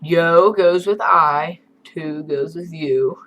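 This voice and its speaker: A man's voice: fairly high pitch, slow, fairly bright tone, low-quality recording. A man teaching a beginner Spanish lesson over a screen recording, explaining in a casual, chatty way with asides.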